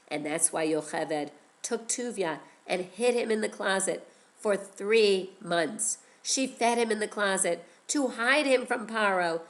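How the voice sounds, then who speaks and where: A woman teacher telling a story to children in an animated way, often drawing her young listeners in. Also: lowish voice, poor audio. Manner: animated, addresses listeners with "guess what".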